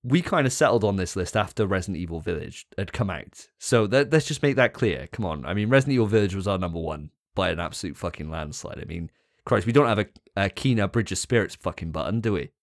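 A man with a lowish voice, recorded dry and close, trading sarcastic, teasing banter in a casual gaming podcast chat. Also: lively intonation, quick pace, dry recording. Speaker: podcast co-host.

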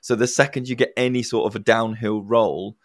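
A man, co-hosting a podcast as a teacher, talking in a relaxed, reflective way. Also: lowish voice, a little fast, no echo, clean studio sound. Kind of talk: casual discussion.

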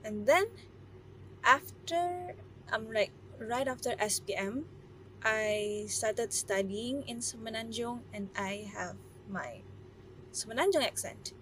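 A woman's voice: on the high side, lively intonation, takes it slowly, a bit bright, a little hiss or hum, poor audio. Chatty Malaysian woman in her twenties. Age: 20s. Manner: chatty, rambling with many fillers. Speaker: vlogger. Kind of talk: casual monologue to camera. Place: parked car.

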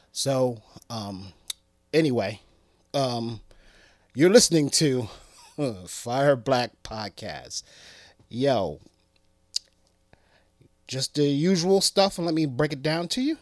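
A man hosting a comedy podcast, joking and acting out little scenes in a playful, animated way. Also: medium pitch, slow pace, long pauses, no echo. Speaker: podcast host.

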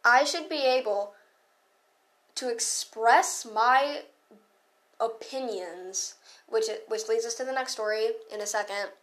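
A woman's voice: a little high, takes it slowly, pauses often, fairly bright tone. A teenage girl ranting in a casual storytime vlog, sarcastic and full of swearing.

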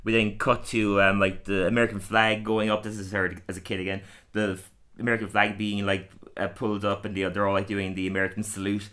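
A man's voice: fairly low pitch, level tone, a little fast, bright, forceful tone. A man hosting a podcast, casually recapping a cartoon episode in a rambling way with frequent fillers and laughter. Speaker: podcast host.

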